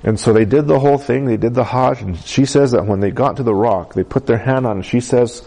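A man's voice: mid-range voice, a little fast, vocal fry, hardly any pauses, warm tone, husky. A middle-aged man teaching a Bible class, telling a story in a conversational way with asides and fillers.

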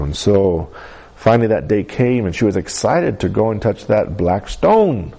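A man's voice: fairly low pitch, very animated, measured pace, gravelly, warm tone. A middle-aged man teaching a Bible class, telling a story in a conversational way with asides and fillers.

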